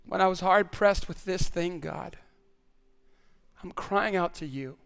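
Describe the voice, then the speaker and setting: A man's voice: high voice, unhurried, vocal fry, a bit bright, clean tone. A male pastor preaching a sermon in an earnest way, often repeating words as he stresses a point.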